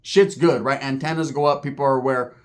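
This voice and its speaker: A man's voice: medium pitch, fairly even intonation, fairly quick. A middle-aged man casually telling a profane prison-life story, acting out the people he quotes. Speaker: storyteller guest.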